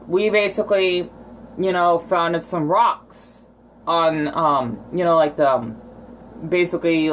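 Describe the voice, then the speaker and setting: A man's voice: a little high, fairly bright tone, slight background noise. A young man talks on his own for a casual vlog. His delivery wanders and stalls on ums, and he keeps tacking on little questions. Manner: rambling and hesitant, many ums and tag questions. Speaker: vlogger.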